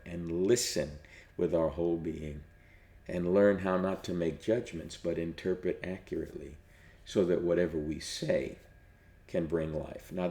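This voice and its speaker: A male pastor giving a short devotional message in a measured cadence, repeating key phrases slowly. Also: deep voice, dark tone, roomy sound.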